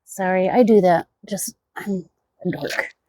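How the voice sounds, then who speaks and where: A fairly low, warm female voice, a little slow, narrates a casual hive inspection beside an outdoor beehive. She chats to the bees and mutters asides to herself, with no echo.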